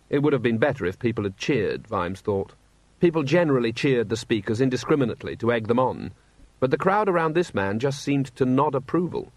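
A man reading a story aloud in a wry, steady narrating voice, acting out the characters. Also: mid-range voice, fairly quick, no echo. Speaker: audiobook narrator. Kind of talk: scripted narration.

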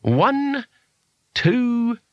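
A man voicing an old male barbarian who speaks in a calm, laconic, friendly-menacing way. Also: very high-pitched, extremely slow, no echo, muffled recording, pitched above the performer's own voice, heavily acted. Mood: calmly menacing.

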